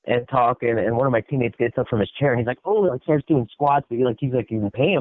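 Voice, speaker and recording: A man's voice: medium pitch, fast, few pauses, dry recording. Foul-mouthed man on a tinny line. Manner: swears often, acts out quotes in a raised voice. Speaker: podcast host. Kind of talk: casual chat. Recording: dry, tinny phone-like sound.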